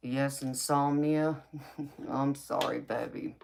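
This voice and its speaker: A woman with a low, raspy voice hosting a late-night live stream, reading viewer comments and answering them in a sassy, affectionate way. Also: fairly even intonation, slow pace, darkish tone, slight background noise. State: dry mouth from talking a lot. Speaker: tarot reader and live-stream host.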